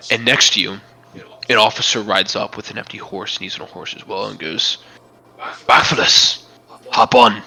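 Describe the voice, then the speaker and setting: A man running a tabletop game as game master, narrating with dramatic storytelling that often drops to a hush. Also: lowish voice, fairly even intonation, a little fast, creaky, poor audio.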